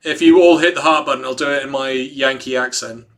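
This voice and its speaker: A livestream host with a mid-range, steady voice and a brisk delivery reads a statement aloud. Between lines he chats and jokes casually with his viewers.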